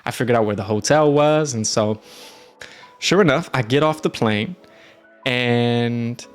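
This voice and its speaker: A man casually telling a travel story on his stream, animated and jumping into quoted voices. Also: medium pitch, unhurried, smooth, soft background music.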